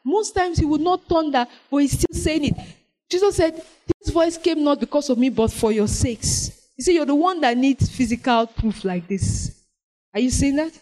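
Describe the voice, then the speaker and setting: Woman preacher, sermon, animated, fairly high voice, loud bursts then soft prayer. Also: moderate pace, rough recording. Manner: animated, swings between loud exclamations and soft prayerful lines.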